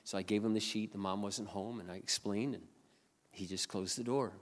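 A man pastor telling a story in a sermon, often clearing his throat as he retells conversations. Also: on the low side, steady tone, a little fast. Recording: long hall reverb.

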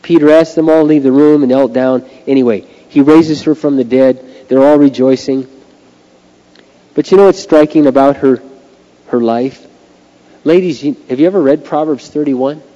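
A man's voice: medium pitch, moderate pace, warm tone. A middle-aged man preaching a sermon as a pastor, earnest and conversational. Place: church sanctuary. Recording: lo-fi recording with long hall reverb.

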